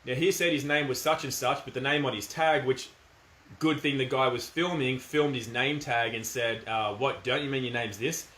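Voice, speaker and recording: A man's voice: medium pitch, fairly even intonation, moderate pace, pushed and bright, slight background noise. A middle-aged man with an Australian accent, talking in a casual, firm and emphatic monologue. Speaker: commentator. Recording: echoey room.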